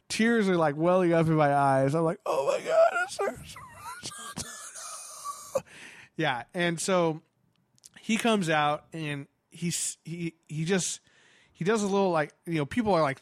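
Man, casual storyteller, higher voice, animated and gushing, dry close sound. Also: dry recording. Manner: animated, fast with many fillers and restarts.

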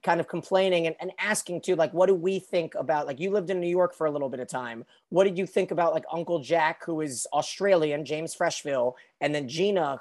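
A man's voice: fairly high pitch, a little mellow. Guy hosting a podcast, rambly, restarts a lot, just chatting. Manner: chatty, loose, self-correcting. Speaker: podcast host. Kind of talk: casual podcast chat.

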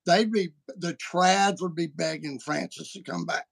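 Gravelly high-voiced man telling stories. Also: measured pace. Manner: animated, folksy storytelling. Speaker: podcast host. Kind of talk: casual chat.

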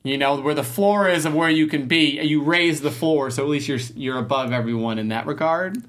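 A woman's voice: low-pitched, a little fast. A woman hosting a casual panel chat, steering the talk with playful questions. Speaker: host.

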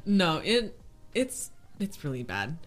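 A young woman from Oklahoma co-hosting a podcast in casual chat, telling animated stories with loud laughing bits. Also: on the low side, slow. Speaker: podcast co-host.

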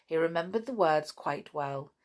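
Expressive woman reading a children's story. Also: sits low, moderate pace. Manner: gentle, expressive storybook delivery.

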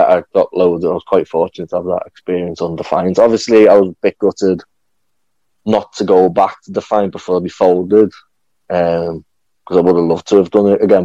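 A man's voice: deep voice, warm tone, no echo, lo-fi sound. A young man chatting casually as a podcast guest, rambling with lots of fillers and restarts. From England. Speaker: guest, professional wrestler.

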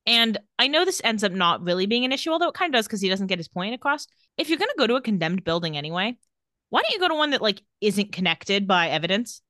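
A woman chatting on a podcast about a TV episode, her voice bright and forceful with a lively, bouncing pitch. She acts out the characters' lines in quick bursts, and the sound is close and dry. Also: no room sound. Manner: animated, quotes characters in quick quips and laughs often. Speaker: podcast co-host recapping a TV episode. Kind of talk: casual chat.

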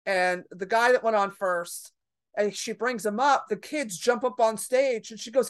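A female stand-up comedian tells a story about a club during a casual podcast chat, brash and profane, acting out the people involved with animated quotes. Her voice sits fairly high, the pace is unhurried, and the tone is clean.

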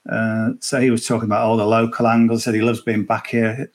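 Recording remotely from the tournament venue, a golf betting guest on a podcast talks in a mid-range monotone, a little fast and with hardly any pauses. He rambles casually, restarting often and leaning on fillers.

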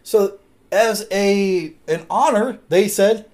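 Rambling, lively-voiced man telling stories. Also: mid-range voice, fairly quick. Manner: rambling storyteller, swears freely. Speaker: podcast co-host. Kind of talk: casual chat.

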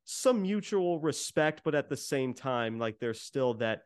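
A man's voice: mid-range voice, animated, measured pace, clean tone, no echo. A man talks through a wrestling episode for his podcast in a loose, rambling way, often stopping to act out lines. His voice sits in an ordinary middle range. The sound is dry and close, with no room around it. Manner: rambling, many fillers, re-enacting quotes. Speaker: podcast co-host. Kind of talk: casual wrestling show recap.

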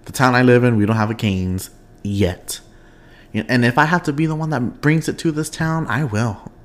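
At normal speed and in a mid-range voice, a young podcast host keeps his talk casual and expressive, frequently laughing and straying onto tangents.

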